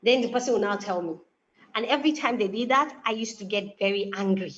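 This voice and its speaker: A woman's voice: medium pitch, quick pace. A woman guest speaker, explaining through a personal story full of quoted dialogue. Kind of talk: conversational explanation. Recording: dull lo-fi sound.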